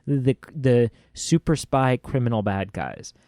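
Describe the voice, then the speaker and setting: A man's voice: mid-range voice, dark tone, clean tone, dry recording, studio quality. A Canadian man co-hosting a podcast, chatting casually and jokingly about a film. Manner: joking, acts out quick silly voices. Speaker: podcast co-host. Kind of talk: casual film review chat.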